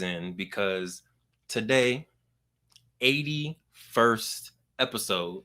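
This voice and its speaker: Male podcast host, young adult, animated storyteller, brassy timbre. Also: lowish voice, normal speed. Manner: animated storytelling, acts out quoted people. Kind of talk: casual podcast chat.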